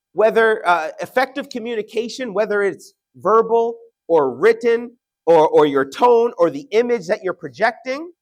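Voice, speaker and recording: A man giving an earnest motivational talk to an audience, slowing down to stress key points and often checking in with "right?". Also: sits high. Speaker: motivational speaker.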